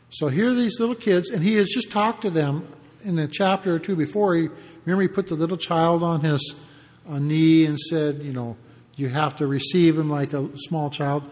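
A man preaching a sermon, explaining the passage in a conversational way with pauses and restarts. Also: a little high, long reverb tail. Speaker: pastor.

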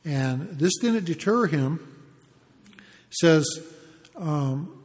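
A man's voice: sits high, in a large hall. A man preaching a conversational Bible teaching sermon, explaining a passage with frequent restarts.

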